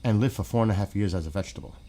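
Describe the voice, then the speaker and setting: In casual chat on a gaming stream, a man talks very fast in a low, dark voice. He is blunt and swears a lot, rambling and restarting his sentences while frequently drifting away from the mic.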